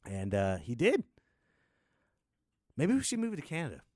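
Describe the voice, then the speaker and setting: A man from the United States hosting a solo comedy podcast: an animated rant, laughing often and slipping into voices. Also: medium pitch, moderate pace, no room sound, studio quality. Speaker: podcast host.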